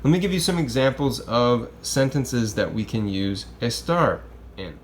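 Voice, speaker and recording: Casual male teacher with an average-pitched voice, talking through grammar and checking in with students, some faint noise behind him. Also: expressive, a little slow. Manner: casual and chatty, checks in with "okay?" and "right?". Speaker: Spanish teacher. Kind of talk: classroom lesson explaining grammar.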